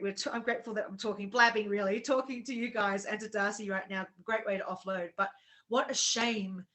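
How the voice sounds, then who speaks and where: A woman's voice: medium pitch, fairly bright tone. A woman co-hosting a casual chat, telling an emotional story and acting out the quoted dialogue. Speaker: co-host.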